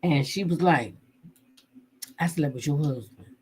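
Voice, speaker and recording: Husky woman in a loose, salty chat. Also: a little slow. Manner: animated, acts out quotes with jumps in pitch, swears freely. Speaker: vlogger. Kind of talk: casual storytelling chat.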